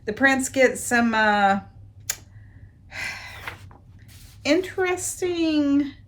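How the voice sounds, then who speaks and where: Slow, sarcastic woman recapping a romance novel. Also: sits high, lively intonation, a little hiss or hum. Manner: wry, sarcastic asides, dramatic emphasis. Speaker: book reviewer and podcast host.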